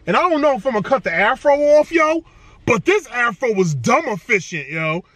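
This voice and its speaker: An energetic man talking casually in a vlog, playful and full of slang. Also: very high voice, brisk, no room sound. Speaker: vlogger. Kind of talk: casual hype vlog talk.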